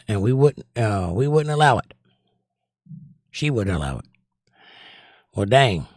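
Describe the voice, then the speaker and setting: A Southern American man chats casually on a livestream, reading out viewer comments and answering them with confident, opinionated takes. His voice sits at an ordinary middle pitch. The sound is dry and close, with no room echo. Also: a bit bright. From Southern United States. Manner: opinionated, chatty, recommends movies with strong takes. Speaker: livestream host.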